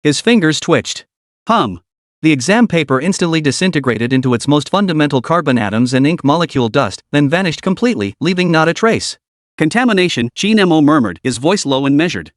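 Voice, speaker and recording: A man narrating a story in a steady, dramatic storytelling manner. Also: on the high side, a little fast, no echo, studio quality.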